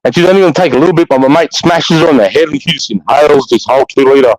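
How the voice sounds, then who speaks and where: A man with an Australian accent telling a long anecdote in casual chat, profane and animated, with many restarts. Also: on the high side, rapid-fire, low-quality recording. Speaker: podcast storyteller.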